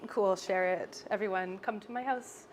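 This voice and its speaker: A woman's voice: mid-range voice, moderate pace, slight background noise. Bubbly Canadian woman, salon chat. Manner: bubbly, laughs often, animated storytelling. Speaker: salon owner. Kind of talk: casual interview chat. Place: hair salon.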